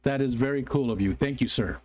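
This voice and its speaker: This livestream host, a man from the United States, has a mid-range, darkish voice and talks a little fast. He reads viewer comments aloud and chats in a rambling, apologetic manner, often saying um and starting over.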